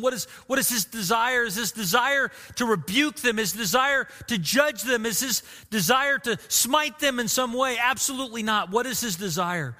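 Pastor guy preaching, high bright voice, earnest and emotional, echoey church hall. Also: moderate pace, hardly any pauses. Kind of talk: sermon.

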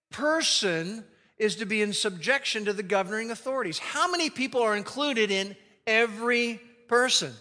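A man preaching a sermon as pastor, leading the congregation in reciting a phrase together and slowing down to stress key words. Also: high-pitched, animated, bright, forceful tone, in a large hall. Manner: leads congregation in call-and-response recitation.

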